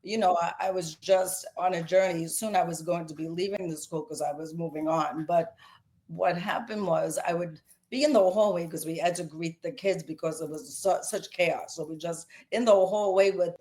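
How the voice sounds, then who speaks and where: Middle-aged New York woman, guest author, emotional and animated storyteller. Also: fairly low pitch, normal speed. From Brooklyn, New York. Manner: animated, emotional storyteller, voice rising as she tells it. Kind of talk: casual storytelling interview.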